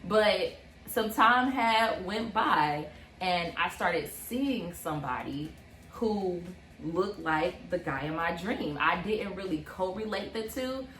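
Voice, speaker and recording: A young woman in her twenties, casually telling a personal story on a couple's vlog, animated and full of fillers. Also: lowish voice, takes it slowly, roomy sound. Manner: animated, many fillers, acts out quotes. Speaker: vlog co-host.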